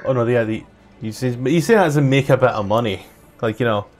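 A man's voice: mid-range voice, fast talker, a little mellow, soft background music. A man with a Scottish accent runs a tabletop game. He explains rules in a loose, conversational way, restarting phrases as he goes. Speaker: game master.

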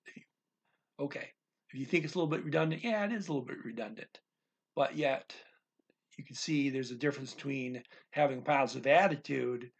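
A man teaching a language in a casual, thinking-aloud way, reading phrases slowly and restarting often. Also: medium pitch, husky. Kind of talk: casual explanatory lesson.

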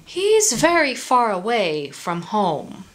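A woman reading a children's story aloud, voicing a farmyard owl in a measured, matter-of-fact way. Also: a little high, wildly swooping pitch, heavy background noise, heavily acted.

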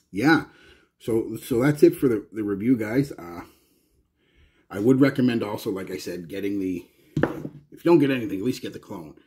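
A Canadian man talks casually to his viewers, wandering through his thoughts with plenty of restarts. His voice sits very low with a husky, breathy edge. The delivery is loose, chatty vlog talk. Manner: rambling and chatty, with frequent restarts. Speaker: fragrance reviewer.

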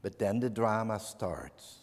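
A Dutch man speaking on stage, telling a wry story in measured, deliberate phrases. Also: lowish voice, sing-song, gravelly, long reverb tail, a little hiss or hum. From Netherlands. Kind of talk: slow, deliberate storytelling talk.

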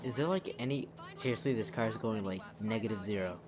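This gameplay commentator speaks in a lowish voice at a fairly quick clip. He's a young man chatting casually through a let's-play with game music behind him, narrating what he does and swearing when the game goes wrong.

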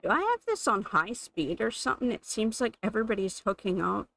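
A woman's voice: mid-range voice, very animated, fairly quick, vocal fry, fairly bright tone, rough recording. A woman giving casual, amused commentary as she plays a life-sim game, thinking aloud. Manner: chatty, amused, thinking aloud while playing. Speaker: gaming channel host.

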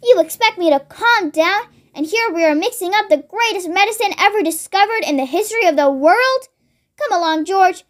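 A child reading a storybook aloud, voicing an excitable, jumpy farmer father who shouts in eager impatience. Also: extremely high pitch, normal speed. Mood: excited.

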